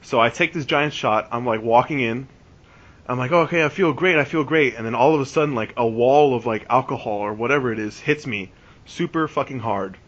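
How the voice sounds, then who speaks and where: A young man in his twenties hosts a podcast and tells a long, casual story at a fairly quick clip in a medium-pitched voice. He wanders, restarts and fills it with "like," all captured in dull lo-fi sound.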